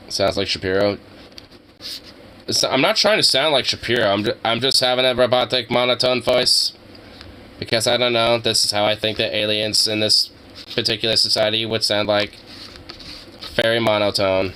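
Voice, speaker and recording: Young guy streaming, rambly and jokey, lots of like and you know, kinda low voice with a tense edge. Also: fairly even intonation, moderate pace, sharp tone, slight background noise, rough recording. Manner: rambling, heavy filler words, joking. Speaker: live streamer. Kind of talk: casual chat with viewers.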